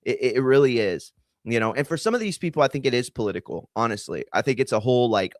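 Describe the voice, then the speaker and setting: Speaking fast with lively intonation, this man hosts a combat sports podcast and rants casually, sounding heated, profane and rambling with plenty of fillers. His mid-range voice is recorded with no echo.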